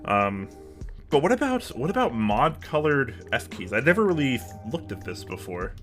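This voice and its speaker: Bright-voiced man chatting on a livestream. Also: medium pitch, sing-song, moderate pace, soft background music. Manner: chatty, hesitant, thinks aloud with chat. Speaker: livestream host. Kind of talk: casual live-stream chat.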